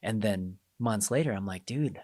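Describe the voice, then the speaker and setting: A man's voice: fairly low pitch, moderate pace, dry recording, clean studio sound. A man hosting a casual podcast conversation, telling coaching stories and acting out quoted exchanges. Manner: animated storyteller, acts out quoted exchanges.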